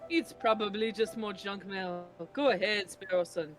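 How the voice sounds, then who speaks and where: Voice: medium pitch, normal speed, over music, lightly acted. A live streamer voicing a lazy, wine-loving male falcon detective in a bird-lawyer video game, grumbling drowsily through each line. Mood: groggy, lazy.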